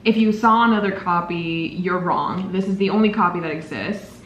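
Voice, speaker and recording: With a voice on the low side yet fairly bright, a twenty-something book vlogger talks at normal speed while dramatically gushing over book gifts in an unboxing video. There's an echoey room, faint ambience, and a slight hiss or hum.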